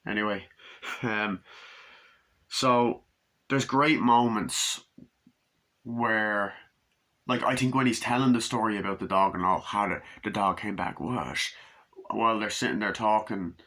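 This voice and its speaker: Bright-voiced, rambling male movie reviewer. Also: on the low side, unhurried, long pauses. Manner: loose and profane, full of fillers, acts out quotes.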